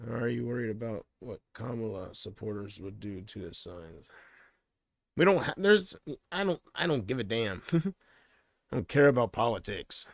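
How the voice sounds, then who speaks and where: A man's voice: on the low side, expressive, normal speed, gravelly, no room sound, studio quality. A man chatting casually on a livestream from home, rambling and hesitant, often trailing off.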